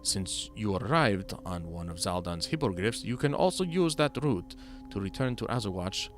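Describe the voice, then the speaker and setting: A man's voice: on the low side, sing-song, normal speed, soft background music. A man reading a friendly game quest-giver. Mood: helpful.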